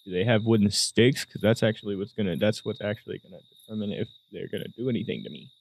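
Gravelly young man muttering over a game. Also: fairly low pitch, fast talker. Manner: muttering to himself, joking asides. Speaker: gamer. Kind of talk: casual game commentary.

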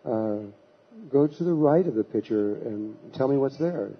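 Calm psychic girl, as a husky man quotes her. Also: mid-range voice, unhurried, muffled recording. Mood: matter-of-fact.

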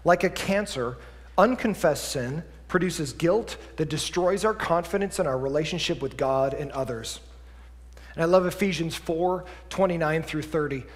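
A man preaching a sermon as pastor, lively and conversational, swinging between quiet asides and loud emphatic bursts. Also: on the high side, normal speed, in a large hall. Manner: animated preaching, drops to a quiet voice for acted asides then climbs loud. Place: church sanctuary.

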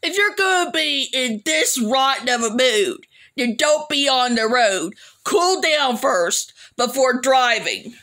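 A woman hosting a reaction video, giving slow, scolding commentary on clips. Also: sits high, lively intonation, sharp tone.

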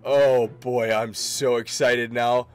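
A man giving casual let's-play commentary, excitable, laughing often and reading game text aloud. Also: medium pitch, slow pace, smooth, no echo, soft background music. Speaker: gaming video creator.

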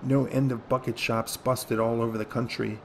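A man reading a first-person story aloud as an audiobook, in a steady, measured way. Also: medium pitch, slight background noise. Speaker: audiobook reader.

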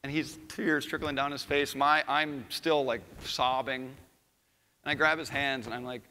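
A man's voice: mid-range voice, steady tone, a little slow, sharp tone, a little hiss or hum. A man giving a casual storytelling talk at a conference, swearing freely and rambling with lots of "like.". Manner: profane, rambling with many "like"s. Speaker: conference speaker. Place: large conference hall with a live audience. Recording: reverberant hall sound.

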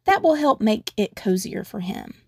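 A woman reading aloud a kind, polite woman friend in a children's story, gently asking for help. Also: medium pitch, big pitch swings, normal speed, vocal fry, breathy edge, no echo, studio quality, full character voice. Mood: gentle.

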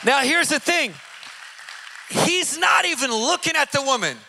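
A man tells a dramatic story on a podcast, excitable and emphatic. His voice is very bright and ringing, and it sits high for a man. He leans hard into key words. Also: measured pace, creaky, some chatter behind, a little hiss or hum. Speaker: podcast host. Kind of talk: animated storytelling.

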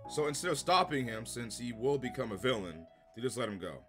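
A man giving a casual, profane, sarcastic review of a TV episode, exasperated and given to loud bursts of laughter. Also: mid-range voice, very animated, brisk, music in the background. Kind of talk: casual ranting review commentary.

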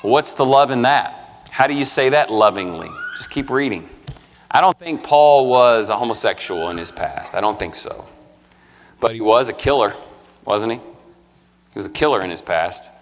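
A man preaching a sermon in a church, emphatic, climbing loud and high on some lines and dropping low and quiet on others. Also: animated, normal speed, slight background noise. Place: church sanctuary. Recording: long hall reverb.

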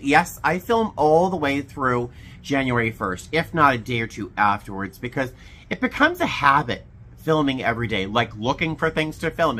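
Guy vlogging from his living room, bouncy lively voice, kinda sarcastic. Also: medium pitch. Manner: chatty, animated, sarcastic. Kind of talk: casual chat to camera. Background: traffic noise through open door.

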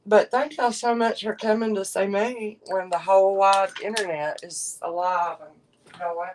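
A woman's voice: mid-range voice, steady tone, unhurried, darkish tone, rough recording. A woman, chatting heartfelt and openly to her live-stream viewers as a jewelry seller.

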